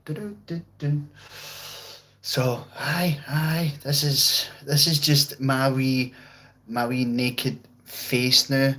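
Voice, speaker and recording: A man with a Glaswegian accent, from the outskirts of Glasgow, livestreams from home with his guitar and amp, reading viewers' comments while rambling and swearing in a jokey, relaxed way. His voice is mid-range and fairly bright, and the recording quality is low.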